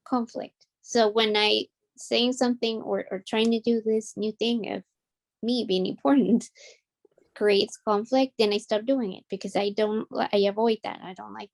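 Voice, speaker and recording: A mother in a support group speaking hesitantly and softly about avoiding conflict. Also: medium pitch, steady tone, normal speed, gravelly. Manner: hesitant, soft, laughs nervously. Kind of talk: casual sharing in a support group.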